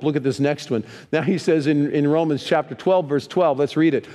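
A man preaching a sermon in a church, lively, leading the congregation in reading scripture aloud. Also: on the high side, fairly quick, hardly any pauses. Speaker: pastor. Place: church sanctuary. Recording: long reverb of a church hall.

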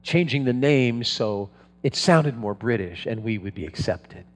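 A man preaching in a big hall, with a long tail of reverb behind him. He tells stories loosely and conversationally, often restarting his phrases. His pitch sits in an ordinary middle range. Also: animated, unhurried. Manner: storytelling, conversational with frequent restarts. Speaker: pastor. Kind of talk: sermon.

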